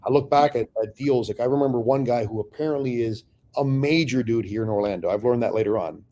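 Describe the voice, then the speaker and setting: A man with a dark, mellow voice tells his business stories with blunt, profane candor. He talks in a loose, conversational way, breaking into the voices of people he once argued with. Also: mid-range voice, fast. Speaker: real estate investor guest. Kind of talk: candid conversational storytelling.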